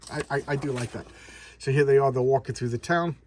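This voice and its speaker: A man's voice: mid-range voice, brisk, darkish tone, a little hiss or hum. A man casually recapping a comic book's plot in a rambling, enthusiastic way, often repeating words and using lots of fillers. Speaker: comic book reviewer. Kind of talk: casual chat.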